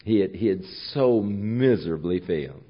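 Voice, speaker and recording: A man's voice: on the low side, lively intonation, moderate pace, breathy edge. Man preaching on a dull recording. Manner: conversational, repeats himself, retells scenes. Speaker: pastor. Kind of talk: sermon.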